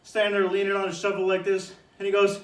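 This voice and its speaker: A man telling a funny personal story in a loose, animated way, bursting into shouts and laughter as he acts it out. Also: high-pitched, fast talker, slight background noise. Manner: animated, shouts and laughs while acting out the scene. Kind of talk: casual spoken anecdote. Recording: echoey room, distant mic.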